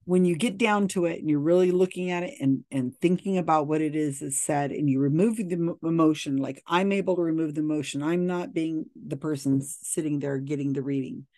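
A woman's voice: low-pitched, fairly quick, few pauses, warm tone, no echo, studio quality. A woman giving skeptical, blunt video commentary, talking casually with frequent ums and restarts. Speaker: commentator reviewing psychic videos.

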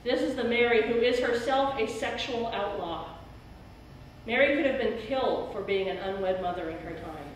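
A woman's voice: a little high, moderate pace, slight background noise. A middle-aged woman pastor preaching an earnest, emphatic sermon in a church sanctuary. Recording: very echoey church hall, speaker far from mic.

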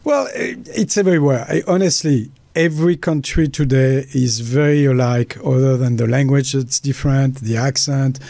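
This guest, a man with a French accent, has a medium-pitched, creaky voice with a dark tone, recorded without echo. He argues passionately and bluntly, with lots of emphasis, and dramatizes the voices of those he quotes.

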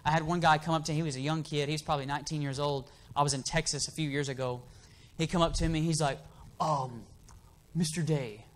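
A man's voice: a little high, fairly even intonation, rapid-fire. A man preaching an emphatic sermon in a church, asking the congregation for amens.

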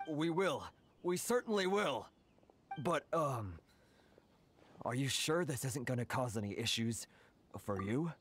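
An earnest, humble young merchant. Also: male voice, mid-range voice, animated, unhurried, pauses often, fairly bright tone, a little hiss or hum. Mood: worried. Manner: earnest, modest and a little hesitant. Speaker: game character.

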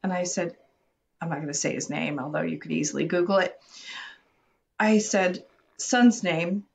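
A woman's voice: lowish voice, normal speed, creaky, slight background noise. A woman in her forties, a podcast co-host, telling a story about herself casually and poking fun at her own mistakes. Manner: self-deprecating storyteller, tells on herself. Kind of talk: casual parenting chat.

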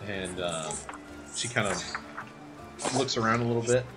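A man's voice: fairly low pitch, normal speed. A man narrating as game master in a casual, loose way with many fillers, music behind him. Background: background music.

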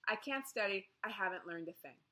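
A woman's voice: medium pitch, animated, brisk, bright, forceful tone. A woman voicing a weary, unhappy teenage boarding-school girl who answers curtly. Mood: glum.

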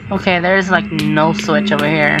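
A woman commenting on her own gameplay, excitable and swearing, with startled shrieks. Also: sits low, normal speed, over loud music, low-quality recording. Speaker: gamer. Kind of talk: let's play commentary.

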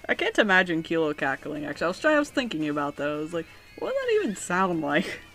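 A woman's voice: fairly low pitch, huge pitch swings, fast talker, a bit bright, soft background music. A woman giving casual, joking commentary as she plays a video game, often laughing and reading game text aloud. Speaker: video game let's player.

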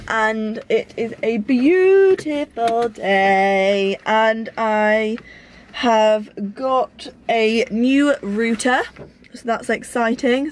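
A woman's voice: a little high, a little hiss or hum. A young woman in her twenties, chatting casually to a handheld camera in a bubbly vlog style. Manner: chatty and bubbly, with sighs of frustration. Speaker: vlogger.

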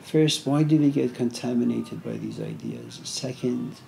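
A man's voice: medium pitch, wildly swooping pitch, a little slow, vocal fry, darkish tone, slight background noise. A man giving an informal philosophy lecture, talking conversationally with many "you know"s and story asides.

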